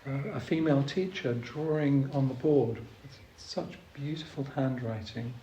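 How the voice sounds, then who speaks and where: Slow, halting man teaching. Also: medium pitch, muffled recording, a little hiss or hum. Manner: slow and hesitant, many ums, gently humorous. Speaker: Zen meditation teacher. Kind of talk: dharma talk at a retreat. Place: retreat meditation hall. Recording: roomy hall with faint ambience.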